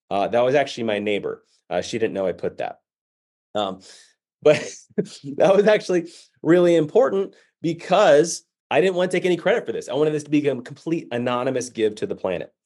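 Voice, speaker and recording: A man delivers a motivational keynote as an animated storyteller. His voice sits at a middle pitch, and he acts out the people in his anecdote with real energy. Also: fairly quick. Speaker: keynote speaker.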